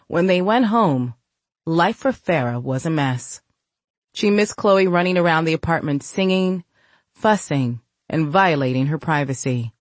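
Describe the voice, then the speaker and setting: A woman narrating a novel as an audiobook, reading in a measured, even way. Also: low voice, dry recording. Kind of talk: scripted narration.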